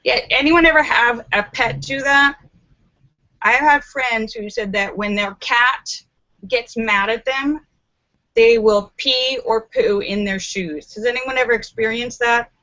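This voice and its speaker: Woman host, bright forceful tone, unhurried delivery, chatty and giggly; muffled lo-fi laptop audio. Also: on the high side. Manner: chatty and animated, giggles often. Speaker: live-stream host reading viewer comments. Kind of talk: casual live-stream chat. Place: room at home by a window. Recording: slightly muffled lo-fi.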